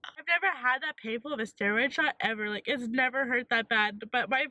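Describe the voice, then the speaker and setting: A young woman vlogging while sick with a sore throat, telling an animated storytime with lots of likes and acted-out quotes. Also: a little high, brisk, no echo, lo-fi sound. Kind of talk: casual storytime vlog.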